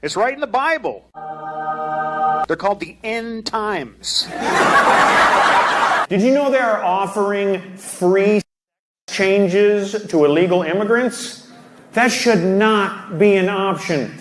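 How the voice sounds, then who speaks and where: A man doing a stand-up set with crowd work, delivering deadpan one-liners and teasing the audience from a club stage. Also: sits high, takes it slowly, pauses often, roomy sound, over music. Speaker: stand-up comedian. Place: comedy club stage before a live audience. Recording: live club recording with crowd laughter.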